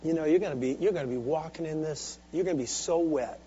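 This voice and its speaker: A man preaching a sermon with call-and-response, swinging from soft, intimate asides to loud, driving exhortation. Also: on the high side, fast talker. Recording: dull lo-fi recording with faint hum.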